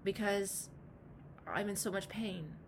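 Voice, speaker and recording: A woman voicing her own inner alcoholic, a pained, ashamed part of herself that speaks haltingly and turns tearful. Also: medium pitch, gravelly, slight background noise. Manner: halting, hurt, then tearful and apologetic.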